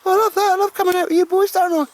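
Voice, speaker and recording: A man's voice: level tone, rapid-fire. A man voicing his own pet dog, a gushing, adoring male dog, outdoors in the woods. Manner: squeaky, gushing, sing-song.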